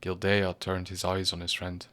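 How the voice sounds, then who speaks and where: A man narrating a storybook reading in a measured, grave manner. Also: low-pitched, monotone, a bit bright.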